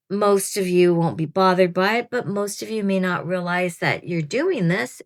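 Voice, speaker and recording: Here a fiftysomething woman with years in the program chats to camera, advising newcomers; she rambles somewhat and laughs at her own expense. Her pitch is fairly low, with a touch of brightness.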